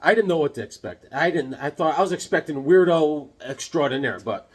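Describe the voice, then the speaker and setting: A man's voice: a little high, expressive, a little fast, breathy edge. A man chatting casually in a vlog, rambling and joking as he shows off his comic collection at home. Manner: rambling, jokey, loose.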